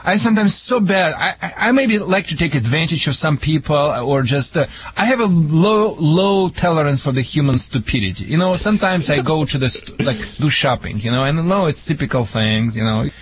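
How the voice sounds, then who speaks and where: A man's voice: fairly high pitch, animated, normal speed, few pauses, breathy edge. A man from Russia with a Russian accent, joking and giving dog training advice on a call-in radio show in broken English. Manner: playful, joking, broken English with many restarts.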